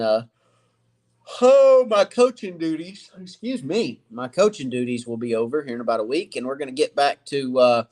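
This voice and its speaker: A fishing channel host talking casually on a live stream from a cluttered home workshop, rambling in an easygoing way and greeting viewers by name. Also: male voice, medium pitch.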